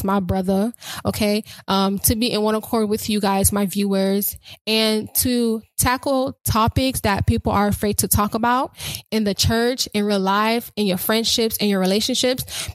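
A woman's voice: mid-range voice, no room sound. Eager young woman hosting a faith podcast. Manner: excited, rambling, repeats phrases. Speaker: podcast host. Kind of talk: casual faith talk podcast.

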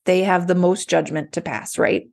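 Gravelly-voiced woman coach, chatty. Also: lowish voice, fairly even intonation, moderate pace, darkish tone. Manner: conversational, often acting out inner voices. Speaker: clarity coach. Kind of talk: casual motivational talk.

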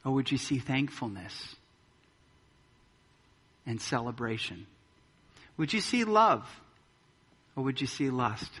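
Bright-voiced preaching man in a hall. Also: mid-range voice, sing-song, slow pace, pauses often, slightly rough. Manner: emphatic preaching with pointed rhetorical questions. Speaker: pastor. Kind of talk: sermon. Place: church sanctuary.

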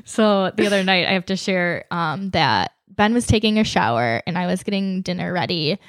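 A woman in her thirties co-hosting a podcast, telling a funny family story in a casual, animated way and laughing often. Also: on the low side, normal speed, no echo. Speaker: podcast co-host.

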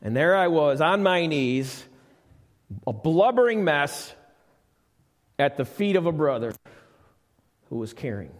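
A man's voice: on the high side, very animated, measured pace, pauses often. A middle-aged man preaching a conversational sermon in church, asking the congregation questions. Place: church sanctuary. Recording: live church recording with long reverb.

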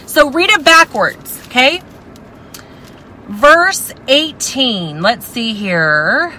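Passionate woman Bible teacher, bright high voice, unhurried delivery. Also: very animated, slight background noise, poor audio. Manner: passionate, exclamatory. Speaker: women's Bible study teacher.

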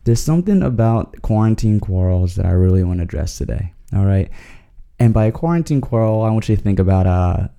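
A man's voice: lowish voice, animated, brisk, gravelly, dark tone. A man hosting a podcast, talking in a slangy, joking way and chuckling as he goes. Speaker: podcast host. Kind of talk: casual comedic monologue.

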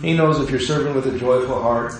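A male pastor preaching a sermon, acting out both sides of people's prayers to God with lively emphasis. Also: medium pitch, brisk. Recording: echoey hall, mic far off.

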